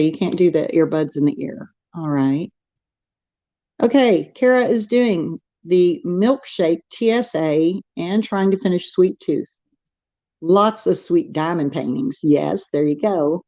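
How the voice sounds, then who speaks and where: A woman's voice: lowish voice, dark tone, dry recording, dull audio. A middle-aged woman with a Texan accent, hosting a casual craft livestream, chatting and reading the chat aloud with frequent laughs. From Texas. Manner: chatty, laughs often, rambling restarts.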